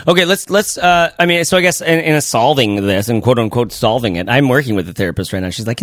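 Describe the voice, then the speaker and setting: A man's voice: medium pitch, animated, quick pace, few pauses, fairly bright tone, no room sound, studio quality. A man co-hosting a casual podcast, rambling with lots of restarts and frequent laughs. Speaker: podcast co-host.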